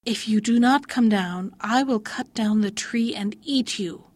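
A woman's voice: a little high, measured pace, darkish tone, no room sound. A woman voicing a wheedling female lamia, a hungry monster who coaxes and threatens. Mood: threatening. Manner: coaxing, then threatening.

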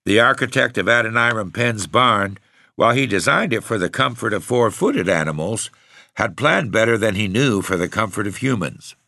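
A man narrating an audiobook story with expressive delivery. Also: lowish voice, moderate pace, gravelly, dry recording, clean studio sound.

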